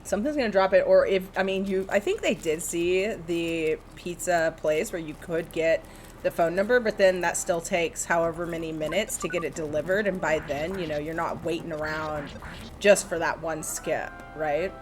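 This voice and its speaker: A woman doing casual live race commentary, chatty and quick to laugh. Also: on the low side, slight background noise.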